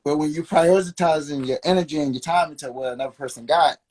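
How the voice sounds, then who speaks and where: A man's voice: fairly high pitch, fast talker, darkish tone. Reflective man, laughing and rambling. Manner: reflective, laughs often, fills with "like". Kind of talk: candid casual chat.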